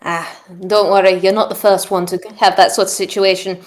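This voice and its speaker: A woman's voice: mid-range voice, level tone, fairly quick, pitched below the performer's own voice, lightly acted. A woman voicing a poised older female monkey detective and mother, dry and self-assured in manner.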